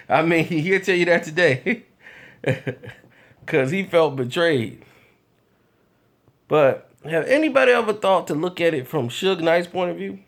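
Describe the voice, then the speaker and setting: A man vlogging, telling casual stories in an animated, loose way with frequent laughs. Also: a little high, takes it slowly, pauses often. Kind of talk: casual storytelling.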